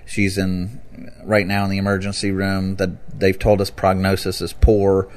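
Guy with a lowish voice talking through bible stories, chatty, gets big and loud on the verses. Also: normal speed. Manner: animated, rises to loud bursts when quoting scripture. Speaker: Bible teacher. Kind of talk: conversational teaching talk.

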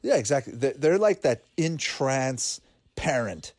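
A man's voice: mid-range voice, sing-song, measured pace, darkish tone, no room sound. Chatty man reacting to a cartoon. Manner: chatty, laughs often, thinks aloud with fillers. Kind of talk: casual watch-along commentary.

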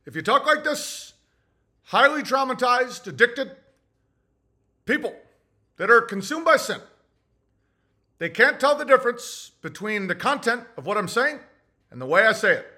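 A man's voice: very high voice, lively intonation, unhurried, pauses often, pushed and bright, exaggerated voice. A man doing a parody impression of an older former president in a matter-of-fact, musical cadence. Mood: sly. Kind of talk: crude parody monologue.

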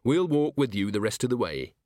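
A man's voice: medium pitch, big pitch swings, brisk, dark tone, dry recording, lightly acted. A man putting on an earnest young watchman, dry and close. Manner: earnest, proper and courteous. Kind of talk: audiobook character voice.

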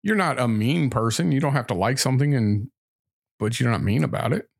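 A man from San Antonio co-hosting a casual chat, easygoing and quick to laugh. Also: mid-range voice, creaky. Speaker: podcast co-host.

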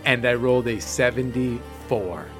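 A man narrates and rules as game master, his voice mid-pitched and easygoing. Rolls and outcomes come out matter-of-fact over faint music. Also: unhurried. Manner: relaxed, matter-of-fact rulings. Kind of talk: running a tabletop game.

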